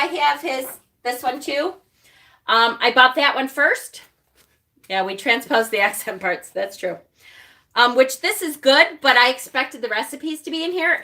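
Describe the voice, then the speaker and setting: A woman's voice: on the high side, bright, forceful tone. A woman with a Rochester accent hosting a casual livestream, chatty and rambling, laughing often and answering viewer comments. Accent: Rochester, New York. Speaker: witchcraft channel host.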